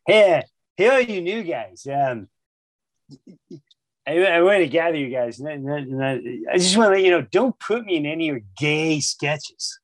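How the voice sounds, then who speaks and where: A man voicing a blunt, irreverent middle-aged comedian who talks in a gruff, profane and dismissive way. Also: on the high side, lively intonation, normal speed, no echo, pitched above the performer's own voice, natural voice, poor audio.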